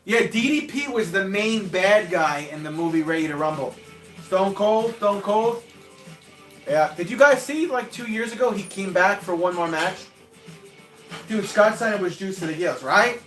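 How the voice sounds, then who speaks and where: A man's voice: high-pitched, animated, moderate pace, a bit bright, faint music behind. A man hosting a livestream watch-along at home, giving casual play-by-play and chatting off topic with a loose, profane manner. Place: room at home. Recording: roomy echo.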